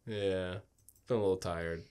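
A man's voice: sits low, steady tone, a little slow, darkish tone, smooth. A young man from New Jersey co-hosting a podcast, telling stories casually with lots of swearing and mock outrage. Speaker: podcast co-host. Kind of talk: casual chat.

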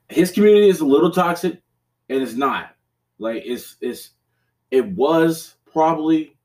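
Podcast guy rambling and cussing, laughs a lot, yells out his own rage bits, regular mid pitch voice. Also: far from the mic. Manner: rambling, profane, laughs often; acts out his own raging outbursts loudly. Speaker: podcast host. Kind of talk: casual chat.

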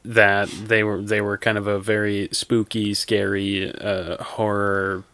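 A man with a fairly low voice co-hosts a casual movie review podcast, laughing often and rambling with self-deprecating humor. He is recorded close and dry, with hardly any room echo. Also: monotone, slow pace, fairly bright tone. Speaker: podcast co-host.

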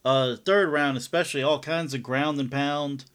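Easygoing male co-host, steady recap delivery, a bit high-pitched. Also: normal speed, clean tone. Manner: laid-back, laughs along, rundown of the fights. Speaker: podcast co-host. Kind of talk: casual fight recap chat.

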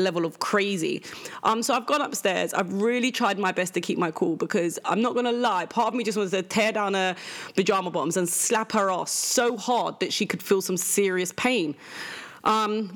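A young woman tells a family story in a candid, chatty way, with a voice that sits a little low. Her pitch leaps up whenever she quotes someone else in the story. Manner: candid and animated, pitch jumps when quoting others. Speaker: podcast host. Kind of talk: casual storytelling monologue.

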